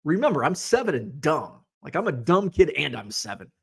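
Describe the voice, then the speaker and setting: A man in his forties hosts a casual hobby show, rambling through a self-mocking story. His voice sits a little high and swings widely in pitch, and he drops in the odd swear word. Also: big pitch swings, normal speed, vocal fry, husky. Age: 40s.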